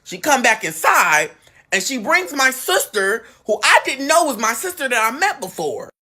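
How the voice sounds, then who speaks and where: A man telling a family story in a casual storytime chat, acting out what relatives said with big jumps in pitch. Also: sing-song, moderate pace, pushed and bright. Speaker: guest storyteller.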